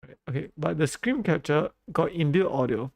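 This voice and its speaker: A man chats on a livestream in a rough, gravelly voice pitched a touch high. He fumbles through his settings, repeating himself as he goes. The talk stays loose and casual throughout. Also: normal speed. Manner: fumbling, repeats okay over and over while adjusting settings.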